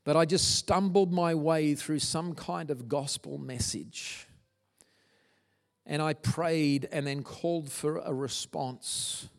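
A man's voice: on the high side, slow pace, gravelly. Man telling his testimony in a hall. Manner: earnest, stumbling restarts, grows emotional. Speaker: guest speaker. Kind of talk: testimony talk to a church audience. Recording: long hall reverb.

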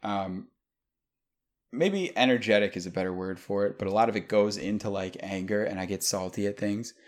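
Young dude ranting and cussing in a casual chat, kinda low voice. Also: male voice, moderate pace. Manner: profane, animated storyteller.

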